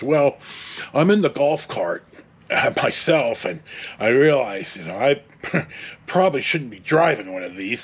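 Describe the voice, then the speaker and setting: A middle-aged man hosting his own show, telling a story in a casual, rambling way with lots of fillers and restarts, and chuckling now and then. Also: mid-range voice. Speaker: host.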